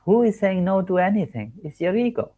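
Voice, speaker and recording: Speaking briskly in a high, warm voice with big pitch swings, a man coaches listeners on manifestation from home. His teaching monologue is earnest and repetitive, and he keeps restarting and fixing his words mid-sentence.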